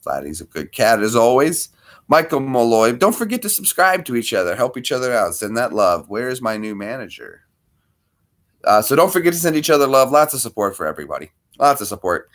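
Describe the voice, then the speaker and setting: Lively man chatting on a livestream. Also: medium pitch, a little fast. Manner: animated, greets viewers by name, talks to his dog. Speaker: livestream host. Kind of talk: casual livestream chat.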